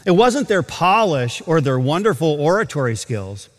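Lively male preacher in a reverberant auditorium. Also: on the high side. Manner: animated preaching, stretches key phrases slowly. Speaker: pastor. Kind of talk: sermon. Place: large auditorium.

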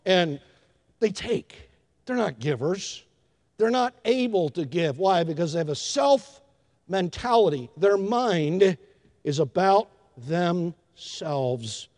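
An older man preaching a sermon in a church, telling folksy stories with emphatic shifts in loudness. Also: high-pitched, expressive, slow pace. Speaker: pastor. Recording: long hall reverb.

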